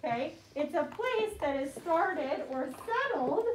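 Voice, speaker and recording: A woman teaching second graders, saying words slowly and clearly for the class to repeat. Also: very high-pitched, very animated, a little hiss or hum. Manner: slow, clear call-and-response teaching. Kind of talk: classroom vocabulary lesson. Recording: echoey classroom mic from far off.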